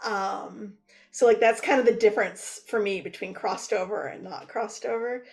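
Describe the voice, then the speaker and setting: Soft-spoken woman with many pauses. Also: medium pitch, fairly even intonation. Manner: thoughtful, with frequent "um" pauses. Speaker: guest, spiritual practitioner. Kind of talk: casual podcast conversation.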